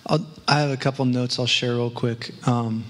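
A man in a church discussion reading short notes on faith in a measured way. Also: mid-range voice, steady tone. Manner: reads brief notes, measured. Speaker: church teacher. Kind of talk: sharing sermon notes in discussion.

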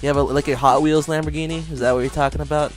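Calm mocking young man trolling in game chat. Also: fairly high pitch, very fast, soft background music. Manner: calm, mocking, sarcastic, laughs at opponent. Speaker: gamer and video maker.

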